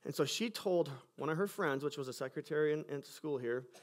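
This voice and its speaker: A man from Michigan pastors a church that meets in a school cafeteria and shares its story from the pulpit. His voice sits a little high, and he tells the story earnestly, acting out each exchange as he goes. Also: a little fast. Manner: earnest storytelling, reenacting conversations. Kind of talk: sermon testimony.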